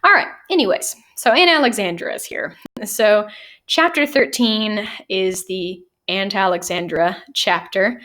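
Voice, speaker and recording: A woman teacher explaining and summarizing novel chapters in a conversational way. She enunciates clearly and leans on frequent "um" and "you know" fillers. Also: mid-range voice, a little slow, fairly bright tone. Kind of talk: casual classroom lecture and chapter summary.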